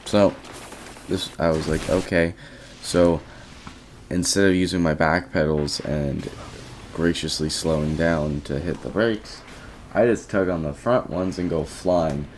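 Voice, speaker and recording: A teenage boy vlogger with a low male voice tells a casual, rambling story about his day, often quoting himself and restarting sentences. His intonation is fairly even and his pace measured, with slight background noise.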